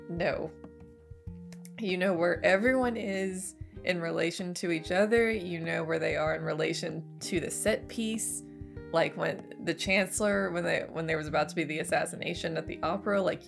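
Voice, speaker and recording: A young woman with a low, gravelly voice talks through a movie review, hoarse and stuffy from a cold. She gushes with enthusiasm in a loose, casual way, and faint guitar music plays behind her. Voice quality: scratchy. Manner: enthusiastic, gushing, laughs often. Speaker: movie reaction host.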